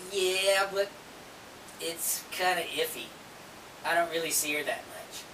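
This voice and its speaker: A woman's voice: lowish voice, a little slow, lightly acted. A woman voicing a shy male coyote puppet who mumbles hesitantly, recorded from a distance in an echoey room with faint hiss. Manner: hesitant, mumbling, lots of fillers.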